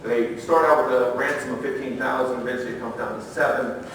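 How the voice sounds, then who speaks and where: Speaking fairly quickly in a mid-range voice, this middle-aged conference speaker, once a federal agent, delivers a lively training talk, performing quotes and putting questions to the audience. The conference room echoes, he is heard from far off, and there is a little hiss or hum.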